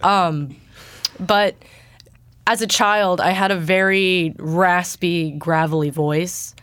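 A young woman voice actor with a naturally deep voice, a little congested from allergies, answering interview questions casually. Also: steady tone, slow pace, fairly bright tone, smooth, no echo. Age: young adult. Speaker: guest voice actor.

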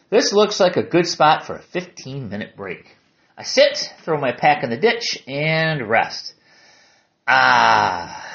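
A man with a southern Lower Peninsula Michigan accent, narrating a hiking memoir in a calm, descriptive way. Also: muffled recording.

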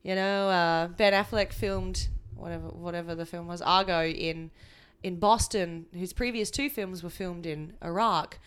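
A woman's voice: lowish voice, steady tone, measured pace, clear, resonant tone. A woman co-hosting a podcast in casual chat, laughing often and losing her thread now and then. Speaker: podcast co-host.

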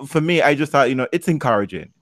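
A man co-hosting a casual chat show, talking in an animated, joking way and often repeating "you know what". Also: medium pitch, quick pace, no echo. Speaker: podcast co-host.

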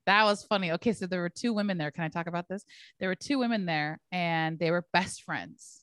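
A woman in her thirties from the San Francisco Bay Area, hosting a podcast and telling stories loudly, with a lot of swearing and laughter, and acting out the voices of the people she quotes. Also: fairly low pitch, a little fast, no room sound, clean studio sound. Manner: loud, profane, laughs often, acts out quoted voices. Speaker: podcast host. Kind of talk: casual storytelling chat.

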